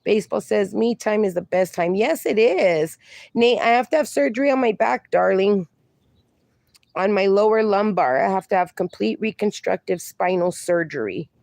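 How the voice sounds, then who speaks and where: A woman's voice: medium pitch, expressive, normal speed, gravelly, a little mellow, no room sound, clean studio sound. A woman, hosting a casual live stream and reading viewers' comments aloud in a chatty, affectionate way. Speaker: livestream host.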